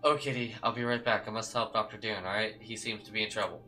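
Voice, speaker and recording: A man's voice: on the low side, steady tone, quick pace, sharp tone, faint music behind. A man reading a pleading young girl.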